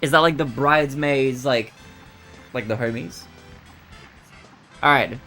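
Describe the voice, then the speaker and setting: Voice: mid-range voice, measured pace, sharp tone, soft background music. A streamer thinking aloud while solving word puzzles, muttering guesses and laughing often.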